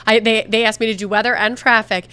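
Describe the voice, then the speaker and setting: A woman's voice: fairly high pitch, steady tone, fast, bright, forceful tone, clear, resonant tone, dry recording. A middle-aged woman from the Philadelphia area co-hosting a TV advice show, talking casually and often restarting her sentences. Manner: chatty, restarts often when making a point.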